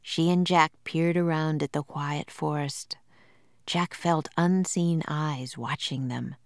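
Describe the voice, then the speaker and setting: A woman narrating a children's storybook in a slow, measured and clear manner. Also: low voice, fairly even intonation, dry recording, studio quality.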